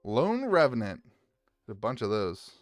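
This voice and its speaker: Appalachian male shop owner, casual rambling live-stream chatter, mid pitch, faint music behind. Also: wildly swooping pitch, unhurried, no echo. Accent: Appalachian American. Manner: rambling, upbeat, greets chat viewers by name. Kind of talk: casual live-stream chat while sorting cards.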